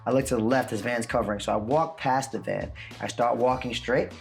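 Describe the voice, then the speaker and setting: An animated man tells a story in casual chat, jumping into quoted voices as he goes. Faint music plays under his voice. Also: medium pitch, fairly quick. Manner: excited storytelling, acts out quotes. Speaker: host.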